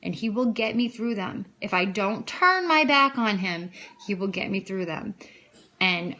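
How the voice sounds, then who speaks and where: Woman, vlog testimony, gravelly fry, bright tense tone, emotional rambling delivery. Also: mid-range voice, animated, unhurried. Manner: emotional, rambling, frequent "I'm like" quotes. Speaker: vlogger sharing testimony. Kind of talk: casual personal testimony.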